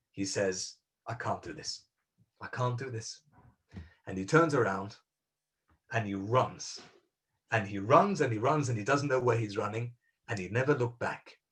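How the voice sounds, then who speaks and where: Over a video call, a man serving as rabbi delivers a sermon-like story, earnestly emphasizing and repeating key words while acting out what characters say. His voice is medium-pitched and a bit bright.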